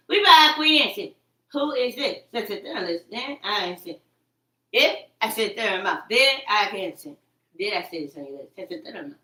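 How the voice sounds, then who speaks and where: A woman's voice: mid-range voice, pushed and bright. A woman talking in a rambling, agitated monologue, repeating herself, cursing and quoting her own words back. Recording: echoey room, far from the mic.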